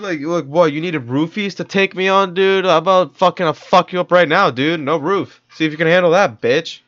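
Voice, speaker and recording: A man's voice: a little high, a little fast, few pauses, a bit bright. A young man reacting to a video in casual commentary, heated and profane, full of slang. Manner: heated, profane, slangy, keeps saying dude and bro. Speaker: streamer reacting to a true-crime video. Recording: dull lo-fi audio.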